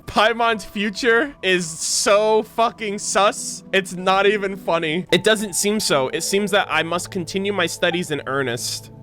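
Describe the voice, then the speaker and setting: A man's voice: high-pitched, measured pace, hardly any pauses, soft background music. A man streaming a game, reading character dialogue aloud and reacting with profane, joking asides. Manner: profane, joking, reacts loudly then mutters. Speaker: gaming streamer. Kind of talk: casual let's play commentary, reading game dialogue aloud.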